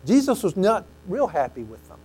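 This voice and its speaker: A man preaching a sermon, telling stories animatedly and acting out quoted lines, often clearing his throat. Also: sits high, wildly swooping pitch, normal speed, warm tone, poor audio.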